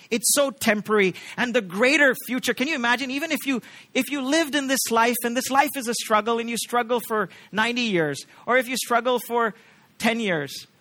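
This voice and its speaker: A man preaching in a church with a high, bright, forceful voice. He keeps asking the congregation questions in an earnest tone. His delivery drops to hushed, gentle passages, then rises to loud, emphatic peaks. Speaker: pastor. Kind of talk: sermon.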